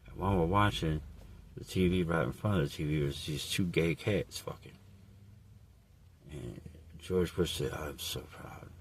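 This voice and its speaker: A man telling a rambling, crude comedic story in a deadpan, profane way. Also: rumbling low, normal speed, pauses often, a little hiss or hum. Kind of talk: absurd improvised comedic monologue.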